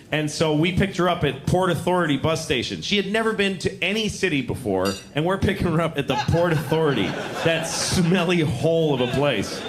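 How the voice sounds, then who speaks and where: A middle-aged man doing wry, self-deprecating stand-up storytelling on a comedy stage. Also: on the high side.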